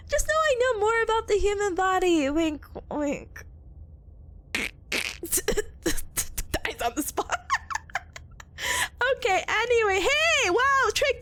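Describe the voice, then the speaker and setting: A young woman talks to her live viewers in a very high, animated voice, full of bubbly giggles. She is sick but stays chatty and playful as she streams. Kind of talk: casual live-stream chat.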